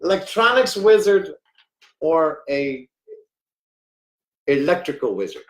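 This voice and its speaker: A middle-aged man hosting a rambling livestream, jokey and swinging between loud outbursts and hushed asides. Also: medium pitch, lively intonation, moderate pace, noisy background. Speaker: livestream host.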